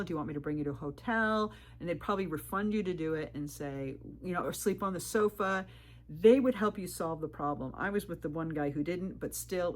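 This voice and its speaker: A woman telling her hiking stories to the camera in a vlog, animated and firm, jumping up in pitch when she quotes people. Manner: firm and direct. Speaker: thru-hiker vlogger. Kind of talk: storytelling vlog advice.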